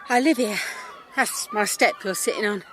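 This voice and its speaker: An actress playing a kindly, shrewd middle-aged mother who chats warmly and probes gently in a radio drama. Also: medium pitch, animated, normal speed, slight background noise, lightly acted. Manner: warm, chatty, gently probing.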